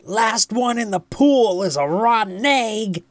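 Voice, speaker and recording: An excited young boy from a picture book bursts out in high, eager exclamations, put on by a reader. The voice leaps up and down with lively swings, recorded dry and close. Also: extremely slow, no room sound, heavily acted. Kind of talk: children's read-aloud character voice.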